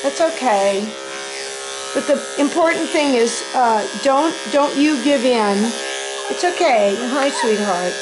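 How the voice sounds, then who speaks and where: A woman dog groomer explaining a puppy's grooming step by step, calmly soothing the puppy as she works. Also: takes it slowly, over music, low-quality recording. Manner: calm explaining, soothing a squirming puppy with high coos. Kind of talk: instructional grooming demo. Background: electric clippers and a puppy.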